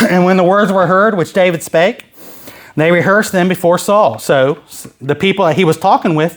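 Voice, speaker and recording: Man, Sunday school teacher, casual Bible storytelling, reads scripture then paraphrases, acts out characters, pitch swinging up and down. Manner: retells the story in casual everyday speech, acting out the characters; reads old-fashioned scripture aloud between paraphrases. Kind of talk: Bible lesson, reading and retelling scripture.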